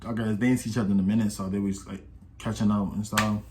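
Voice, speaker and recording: A young man casually telling a personal story to camera in loose slang, getting louder and livelier when he quotes the people in it. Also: lowish voice, fast talker. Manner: slangy, animated when quoting others. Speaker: storytime vlogger.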